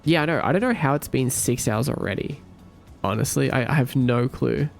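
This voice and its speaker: A man's voice: mid-range voice, fairly quick, creaky, faint music behind. A man live-streaming while he codes a game, chatting casually with viewers, sleepy, rambling and thinking aloud. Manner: relaxed, rambling, thinks aloud, hums to himself.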